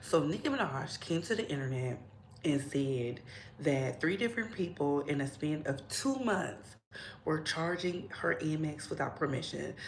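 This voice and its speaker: A woman's voice: deep voice, a little hiss or hum. Chatty woman gossiping in an echoey room. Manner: chatty, repeats herself, drops into whispers. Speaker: gossip show host. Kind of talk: casual celebrity gossip commentary.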